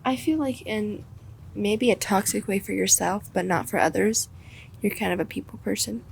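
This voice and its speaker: A teenage girl co-hosting a student podcast in loud, excitable casual chat, laughing often. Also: mid-range voice, moderate pace, creaky, a little hiss or hum. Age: teens.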